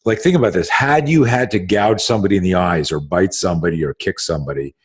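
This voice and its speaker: Low, husky-voiced man hosting a podcast. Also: fast talker. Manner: emphatic and profane, with frequent restarts. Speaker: host and self-defense instructor. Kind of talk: casual podcast conversation.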